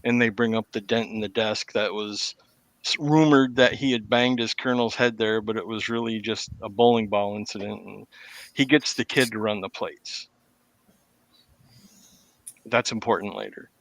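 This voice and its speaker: A man in a casual chat, quietly retelling a TV scene in a low-key way. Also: steady tone, normal speed, no echo. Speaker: podcast co-host. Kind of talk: casual chat, episode recap.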